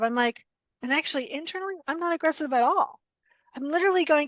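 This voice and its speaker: Her voice sits high and she talks fast, with no room sound in the recording. She's a middle-aged coach telling animated, blunt stories on a casual interview podcast, acting out quoted dialogue and laughing frequently.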